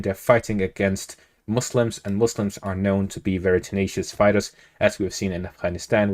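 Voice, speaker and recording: A man delivering a spoken news analysis update in a steady, measured way. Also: on the low side. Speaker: news commentator.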